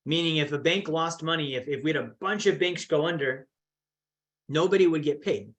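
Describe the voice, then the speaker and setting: A financial educator with a fairly high voice speaks a little fast while teaching a finance course. His explanations are emphatic and repetitive, and he keeps checking in with the listener through "okay" and "right".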